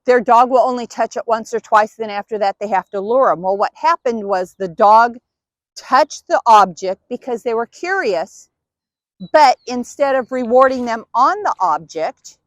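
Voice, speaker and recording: A woman's voice: fairly high pitch, expressive, moderate pace, dry recording. A woman dog trainer patiently explaining each step while giving cues and praise to her dog. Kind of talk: instructional demonstration.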